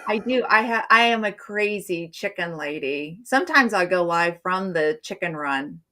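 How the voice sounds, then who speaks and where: Middle-aged woman, live-stream host, slightly low voice, rambly and chatty delivery. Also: animated, normal speed, bright, forceful tone. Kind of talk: casual live-stream chat.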